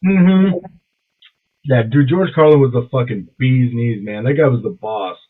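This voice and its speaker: A man's voice: medium pitch, unhurried, breathy edge. A man co-hosting a casual podcast chat, rambling and swearing with enthusiasm. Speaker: podcast co-host. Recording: tinny phone-like sound.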